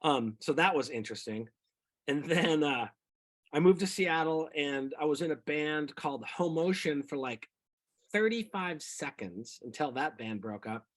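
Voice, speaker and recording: A middle-aged singer-songwriter telling rambling, animated stories about his music career in a casual interview. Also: fairly high pitch, measured pace. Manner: rambling, animated anecdotes with quoted voices.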